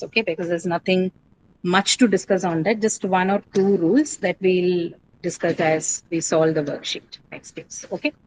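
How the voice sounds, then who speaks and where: A woman teacher giving a classroom lecture, explaining step by step and often checking understanding with quick "right?" and "okay?" questions. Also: fairly low pitch, a little hiss or hum, rough recording. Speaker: English teacher. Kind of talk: classroom lecture on word stress.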